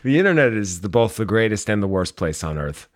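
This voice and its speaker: A man co-hosting a podcast in casual chat, with a deadpan, darkly humorous manner. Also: lowish voice, fairly quick. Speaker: podcast co-host.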